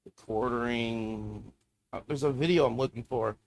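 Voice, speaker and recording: A man's voice: mid-range voice, moderate pace, vocal fry, a little mellow. A man streaming live, talking to himself as he browses videos, swearing and ranting in a casual, irritated way. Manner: profane, ranting, muttering to himself while browsing.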